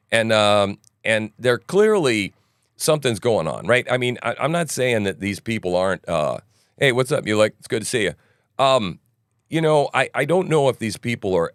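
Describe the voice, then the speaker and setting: Male host, casual livestream commentary, morning voice, rambling, low and smooth. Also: no echo, studio quality. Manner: rambling, frequent "right?" asides, joking. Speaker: news commentary podcast host.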